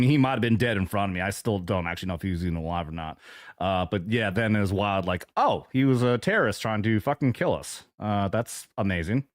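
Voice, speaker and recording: A man, a veteran co-hosting a podcast, talking in casual profane chat with frequent halting restarts. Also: medium pitch, no echo, clean studio sound. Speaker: co-host, veteran.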